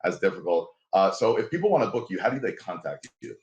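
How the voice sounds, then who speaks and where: A man hosting an interview show, with a laid-back, joking manner and quick asides. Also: deep voice, big pitch swings. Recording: echoey, dull room sound.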